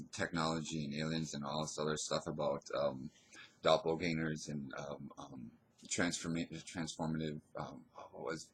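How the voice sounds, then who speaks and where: A man telling a personal story in a casual, hesitant way, pausing and restarting often. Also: rumbling low, fairly bright tone, breathy edge. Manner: hesitant, rambling, full of pauses and restarts.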